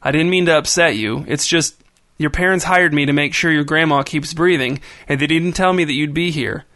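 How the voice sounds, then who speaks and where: A man's voice: fairly high pitch, fairly quick, pushed and bright, no echo, clean studio sound. A man voicing a young woman babysitter who stays firm but conciliatory.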